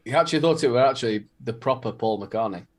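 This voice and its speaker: A man's voice: mid-range voice, quick pace, a little hiss or hum. Teasing British man in banter. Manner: teasing, laughing, stumbles over words. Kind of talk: casual banter.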